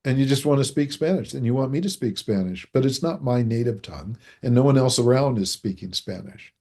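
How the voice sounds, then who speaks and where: A man speaking as a guest author in a podcast interview, animated, acting out what people say and chuckling between points. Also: mid-range voice, fairly quick. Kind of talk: conversational interview.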